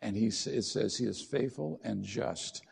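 Gravelly middle-aged male preacher. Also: lowish voice, moderate pace, a little mellow. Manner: conversational preaching with rhetorical questions. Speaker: pastor. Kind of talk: sermon.

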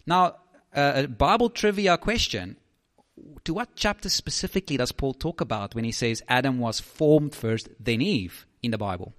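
A man's voice: medium pitch, animated, moderate pace, fairly bright tone, long reverb tail. A man preaching a sermon as a pastor, emphatic, often putting questions to the listeners.

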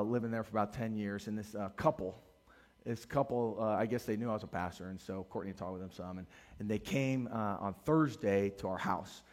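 A middle-aged man preaching a sermon as a pastor, animated and acting out the voices in his stories. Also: on the low side. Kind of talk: sermon with storytelling.

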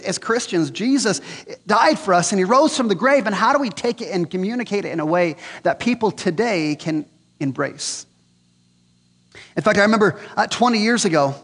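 Man in his 40s, conversational preacher with a high voice, joking and earnest, echoey hall. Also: fairly bright tone. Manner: earnest, joking, frequent restarts. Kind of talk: conversational sermon.

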